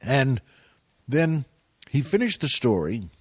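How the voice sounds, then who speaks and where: A man's voice: medium pitch, very animated, slow pace, breathy edge, dry recording, clean studio sound. A man, a comedian and actor guesting on a podcast, telling show business anecdotes in a rambling, self-deprecating way with plenty of restarts.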